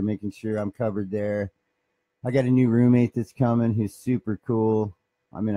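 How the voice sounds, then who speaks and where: In a lowish, mellow voice with no echo, a guitar shop owner who also plays bass rambles through a casual comedic monologue. His talk is profane and boastful.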